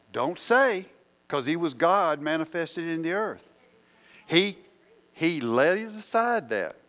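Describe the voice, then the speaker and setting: A man's voice: a little high, fairly bright tone. A man preaching a sermon, asking the congregation questions as he works through the verses.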